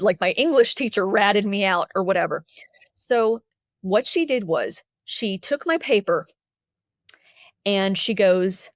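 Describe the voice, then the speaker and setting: A woman from Texas, a podcast guest, telling a personal story candidly and lively, acting out what people said. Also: mid-range voice, a little slow, no echo, clean studio sound. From Dallas, Texas. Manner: candid, animated, acts out the quotes.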